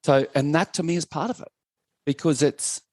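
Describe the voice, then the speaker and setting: A man in his fifties with an Australian accent, a podcast guest telling blunt, animated stories and swearing freely. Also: fairly high pitch, moderate pace, no echo. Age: 50s. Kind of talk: casual podcast chat.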